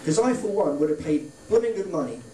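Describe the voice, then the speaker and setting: On a club stage, a comedian tosses out dry one-liners with offhand asides in a brisk, high-leaning voice full of big pitch swings. He sounds distant from the mic in a roomy, noisy room where the audience laughs.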